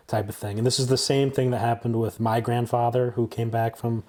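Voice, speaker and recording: A man in his twenties, the host of a channel, giving a blunt, opinionated and somewhat halting casual film review. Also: medium pitch, flat delivery, darkish tone.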